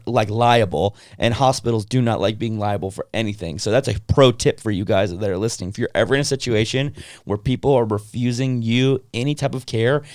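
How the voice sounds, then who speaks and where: A young adult man co-hosting a podcast, telling a story in a rambling, animated way and acting out what other people said. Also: medium pitch, dry recording, studio quality. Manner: animated, acts out other people's lines in shifting voices; rambling, heavy on filler words and restarts. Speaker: podcast co-host. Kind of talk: casual storytelling chat.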